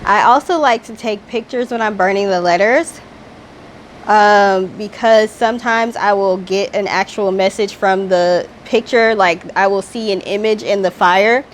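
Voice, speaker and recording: A woman vlogger casually guiding viewers through a spiritual healing ritual step by step, speaking affirmations slowly and calmly. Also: medium pitch, a little hiss or hum.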